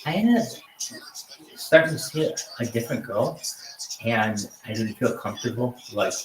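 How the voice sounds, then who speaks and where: A man hosting a casual livestream, talking loosely about dating apps and greeting strangers with loud, repetitive enthusiasm. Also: mid-range voice, animated, normal speed, a little hiss or hum. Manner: hyped, greets strangers loudly, repeats himself. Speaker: livestream host. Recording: echoey room, mic at a distance.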